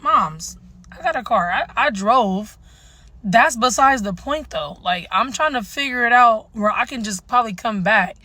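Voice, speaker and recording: A woman's voice: on the high side, lively intonation, unhurried, sharp tone, no room sound. A woman telling a salon story in a casual, incredulous, slangy way.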